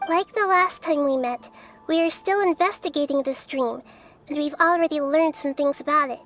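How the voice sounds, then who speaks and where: A calm, wise goddess with a young look from a video game, speaking in a high, soft, girlish voice. She talks in a gentle, thoughtful, measured way over faint background music.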